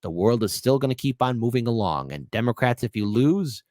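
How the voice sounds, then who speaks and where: A man's voice: mid-range voice, very animated, a little fast, few pauses, a little mellow, dry recording. Scornful male political commentator, dry close mic. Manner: reads articles aloud, then breaks into scornful rants; mocking, sarcastic asides. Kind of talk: reading news with angry commentary.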